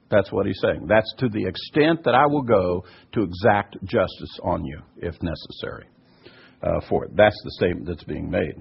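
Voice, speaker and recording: A man's voice: sits low, normal speed, gravelly, husky. A man teaching from scripture and answering listener questions, emphatic and fond of asides. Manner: emphatic, repeats "by the way". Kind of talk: teaching talk. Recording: muffled lo-fi recording.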